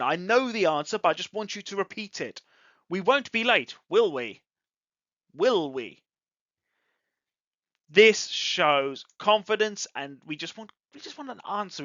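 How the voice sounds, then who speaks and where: An English teacher giving an online lesson, explaining clearly and encouragingly and demonstrating rising and falling intonation. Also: medium pitch, expressive, fairly quick, bright, forceful tone, dry recording, highs cut off.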